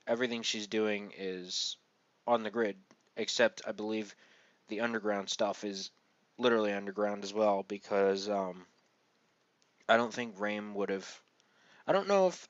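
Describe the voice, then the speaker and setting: A man's voice: fairly low pitch, a bit bright, no room sound, dull audio. A man casually reviewing a manga chapter, rambling with many fillers and the occasional sarcastic aside.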